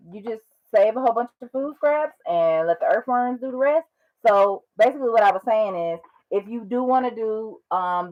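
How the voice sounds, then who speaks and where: A woman's voice: lowish voice, muffled recording. A woman from North Carolina, casually explaining gardening step by step with frequent ums and "right?" checks. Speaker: gardening vlogger. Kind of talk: casual how-to demonstration.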